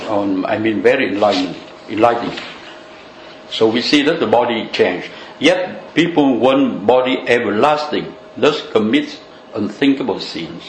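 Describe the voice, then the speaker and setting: Chatty man giving a dharma talk. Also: mid-range voice. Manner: loose, conversational, many "you know" fillers. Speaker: Buddhist teacher. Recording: echoey room with faint noise.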